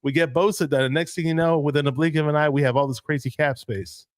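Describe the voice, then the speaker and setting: A man's voice: a little high, fairly even intonation, fast talker, dry recording, clean studio sound. A man hosting a casual live sports chat, talking loosely, laughing often and reading out viewer comments. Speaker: host.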